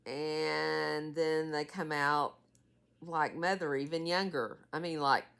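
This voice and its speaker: A woman's voice: low-pitched, steady tone, takes it slowly, creaky, fairly bright tone, clear, resonant tone. A woman in her sixties giving a rambling, tired casual vlog update as her mother's caregiver. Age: 60s. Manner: rambling, many fillers and trailing asides. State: tired, yawning.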